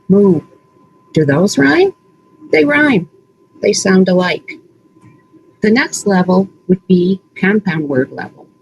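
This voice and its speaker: A woman literacy coach leading an early-reading lesson, saying words slowly and stretching out their sounds. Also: mid-range voice, darkish tone, a little hiss or hum, low-quality recording. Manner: slow, deliberate, exaggerated word sounds. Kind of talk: slow instructional teaching, modeling sounds.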